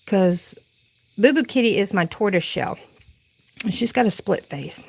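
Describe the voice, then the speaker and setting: A woman's voice: mid-range voice, big pitch swings, normal speed, creaky, slight background noise. Chatty Southern woman hosting a late-night craft stream. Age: 40s. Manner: chatty and rambling, laughs often, talks to her viewers. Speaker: crafting livestream host. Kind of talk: casual live-stream chat. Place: her home, moving from room to room.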